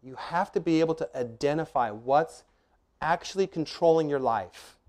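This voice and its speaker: A man's voice: a little high, normal speed, darkish tone. A middle-aged man preaching a sermon as pastor, earnest and emphatic, asking rhetorical questions and laying out numbered points.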